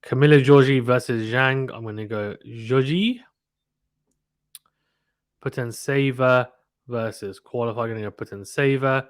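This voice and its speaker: A man's voice: mid-range voice, no room sound, clean studio sound. A man hosting a tennis channel, casually going through a draw and making predictions in an offhand, self-deprecating way, thinking aloud.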